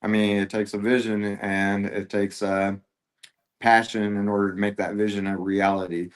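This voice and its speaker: Low-voiced man telling a halting story. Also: flat delivery. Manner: halting, full of fillers and restarts. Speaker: guest, airbrush artist. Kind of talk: casual storytelling.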